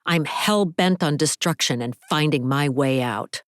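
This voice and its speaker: Female audiobook narrator, low register, dramatic thriller delivery, dry close sound. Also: unhurried, no echo. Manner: dramatic, expressive thriller reading.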